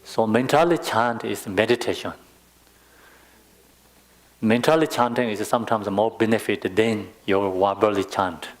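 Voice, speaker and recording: A man with a Tibetan accent teaches meditation in an unhurried, patient way, his voice sitting on the lower side. He talks slowly, with plenty of pauses and small fillers. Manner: slow, patient, non-native phrasing with many fillers. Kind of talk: dharma teaching.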